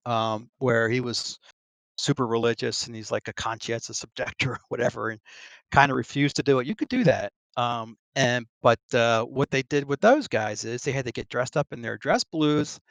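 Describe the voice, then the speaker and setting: A middle-aged man talking over an online voice call with a dry, close sound. He wanders through a long casual story, stopping for ums and small laughs. His voice sits at an ordinary pitch. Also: normal speed, gravelly, fairly bright tone, no echo. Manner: rambling, full of ums and restarts, laughs between phrases. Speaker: Navy veteran guest.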